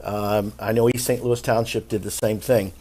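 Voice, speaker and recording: A man's voice: on the low side, steady tone, normal speed, a little mellow. A man, a local official, asking an unscripted question at a briefing, hesitating with fillers.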